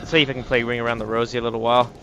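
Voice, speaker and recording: A man's voice: mid-range voice, flat delivery, very fast, noisy background. A man streaming a horror game live, talking to himself, out of breath and swearing as he gets chased. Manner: jumpy, swears, yelps when chased. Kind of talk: live gameplay commentary.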